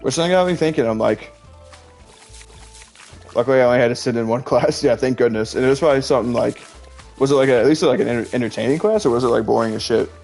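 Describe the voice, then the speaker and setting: A streamer in his twenties with a medium-pitched voice talks fast with vocal fry and a slightly mellow tone, faint music playing behind him. He chats casually, rambling through stories and saying "like" constantly.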